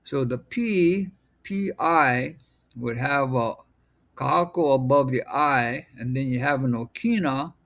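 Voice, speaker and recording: A man's voice: medium pitch, a bit bright. A man teaching a language lesson, patiently sounding out syllables one by one. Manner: drills sounds one by one, deliberate. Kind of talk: slow patient pronunciation lesson.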